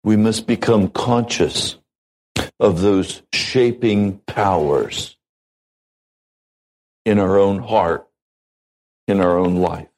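A man delivering a sermon from the pulpit, in the unhurried, measured manner of a seasoned pastor. His voice sits a little low and he leaves deliberate pauses between short phrases. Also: a little mellow, a little hiss or hum, poor audio.

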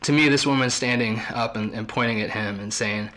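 A podcast host reading a story aloud from a book in a measured, storytelling way. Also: male voice, medium pitch, fairly bright tone.

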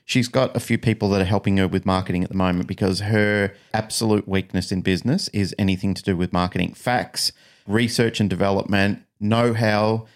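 A man co-hosting a casual podcast, telling stories in an animated, emphatic way. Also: fairly low pitch, a little fast. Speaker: podcast co-host.

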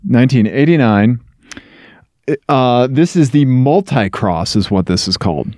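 A man co-hosting a casual podcast, talking in an animated, joking way. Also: mid-range voice, unhurried, no room sound, studio quality. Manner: animated, chatty, jokey. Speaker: podcast co-host. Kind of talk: casual chat.

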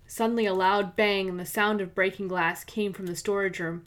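A woman's voice: medium pitch, fairly even intonation, moderate pace. Woman narrating a mystery story. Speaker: podcast host and author-narrator. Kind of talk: scripted audiobook narration.

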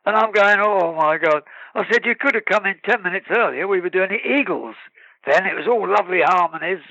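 High, bright storyteller. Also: male voice, a little fast, gravelly, no room sound, highs cut off. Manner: lively storyteller, breaks into sung snatches and laughs. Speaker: guest musician. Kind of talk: casual anecdote telling.

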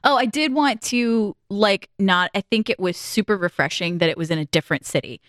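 A woman in a casual movie review chat, teasing and expressive, with a voice that leaps up and down. She sounds close to the mic in a dry space. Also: medium pitch, fairly quick, no echo. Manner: expressive and teasing, acts out reactions.

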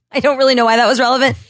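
A woman's voice: high-pitched, no room sound. A woman hosting a casual podcast, blunt, profane and sarcastic as she mocks what she reads. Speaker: podcast host.

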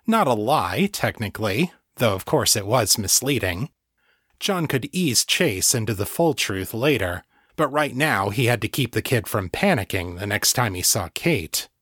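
A man reading a novel aloud as an audiobook narrator, in an even, measured storytelling way. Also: lowish voice, husky, no echo, studio quality.

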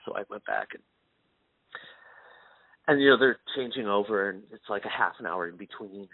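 Husky man telling a story down a phone line. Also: mid-range voice, a little fast, no room sound. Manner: animated anecdote telling with quoted voices. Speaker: guest musician. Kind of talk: casual storytelling interview.

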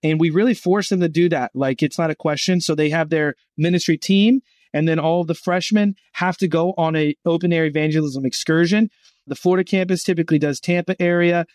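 A man's voice: a little high, a little fast, dry recording, clean studio sound. A middle-aged man, a guest on a podcast interview, telling stories with energy and acting out the voices of the people in them. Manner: animated storyteller acting out quoted voices. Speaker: guest speaking for a Christian gap year college.

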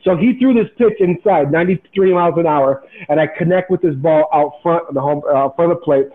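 A high-voiced man in his forties tells a story with driving, motivational intensity. His sound is thin and tinny, as if it came over a phone line. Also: fairly quick. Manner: animated, intense, motivational, repeats words when excited. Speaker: podcast guest, former pro baseball player. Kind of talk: storytelling in casual interview.

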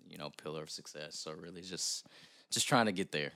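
Podcast guest, man, deep voice, bright and very crisp. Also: a little fast. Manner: upbeat, businesslike, with fillers. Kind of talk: casual chat.

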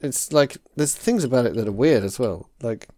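A man's voice: medium pitch, lively intonation, normal speed, dark tone, no room sound. Rambling English man chatting casually. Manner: rambling, searches for words, many restarts. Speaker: podcast co-host. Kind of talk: casual chat.

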